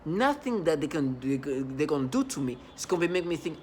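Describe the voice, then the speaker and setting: A man talking to camera in a rambling, halting monologue, repeating words and stressing points earnestly. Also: a little high, sing-song, a little mellow, a little hiss or hum. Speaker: vlogger.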